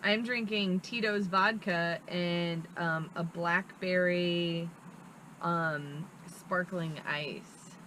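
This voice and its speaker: Young woman, casual vlog chat, bubbly, giggly, crisp bright tone, faint background hum. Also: fairly low pitch, steady tone, very slow, rough recording. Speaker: vlog host. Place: outdoors at a fairground campsite.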